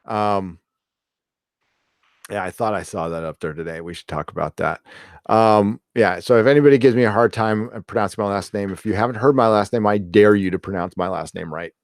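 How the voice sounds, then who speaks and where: A man's voice: lowish voice, a little fast, no echo, clean studio sound. A man hosting a live stream, reading viewer comments and rambling casually with lots of fillers, restarts and swearing. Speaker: host of a live chat show.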